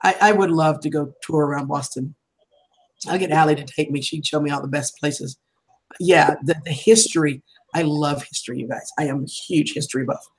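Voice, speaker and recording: Chatty woman with a husky voice. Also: deep voice, normal speed, poor audio. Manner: chatty, laughs often. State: voice tiring. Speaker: livestream host. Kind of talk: casual chat.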